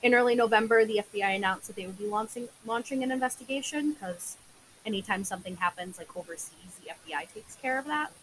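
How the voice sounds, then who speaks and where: A woman's voice: mid-range voice, fast, a little hiss or hum, low-quality recording. A young woman co-hosting a true crime podcast, recounting case details casually with many filler words. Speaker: podcast co-host.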